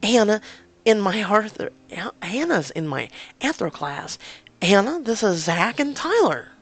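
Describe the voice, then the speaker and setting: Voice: mid-range voice, big pitch swings, measured pace, fairly bright tone, voice pushed up, heavily acted. A reader voicing an outgoing, chatty young college woman in a story game, bubbly and eager. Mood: friendly.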